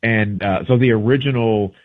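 A man with a lowish voice chats away on a radio show, rambling and correcting himself as he goes. His voice comes through a narrow, tinny phone line. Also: normal speed, slight background noise. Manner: rambling, chatty, self-correcting with fillers. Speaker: travel author guest. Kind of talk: casual radio chat.

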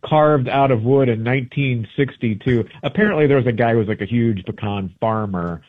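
A man's voice: mid-range voice, a little fast, slightly rough. A man, a travel book author, chatting in a radio interview and telling rambling stories, often correcting himself mid-sentence. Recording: tinny phone-line audio.

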